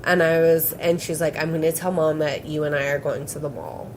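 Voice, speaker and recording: A woman's voice: low voice, steady tone, brisk, background noise. A young woman hosting a podcast, telling a rambling story in casual chat, swearing and giggling often. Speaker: podcast host.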